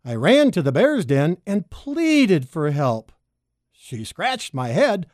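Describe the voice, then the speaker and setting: Expressive woman reading a rhyming story. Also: slow pace, no room sound, clean studio sound. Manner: expressive, sing-song, big pitch leaps. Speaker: storybook reader.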